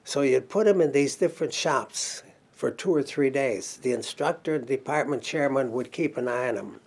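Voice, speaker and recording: Older man, reminiscing interviewee, acts out old conversations, middle pitch. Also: moderate pace, gravelly, a little mellow, breathy edge. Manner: reminiscing storyteller acting out dialogue, chuckling. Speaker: interviewee recalling career as counselor. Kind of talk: oral history interview.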